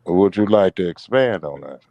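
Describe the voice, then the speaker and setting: A man in a casual call-in chat, calmly and persistently repeating pointed questions. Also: sits low, moderate pace, muffled recording, a crowd in the background.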